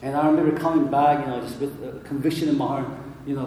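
A man's voice: medium pitch, steady tone, quick pace, warm tone, slight background noise. A man preaching a sermon in a casual storytelling way, full of fillers, in a large church hall. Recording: echoey hall from far off.

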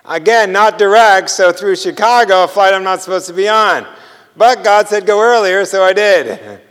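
Male preacher, high and clear voice, animated storytelling, hall echo. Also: moderate pace. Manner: animated storyteller, acts out dialogue with laughs. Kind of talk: sermon storytelling.

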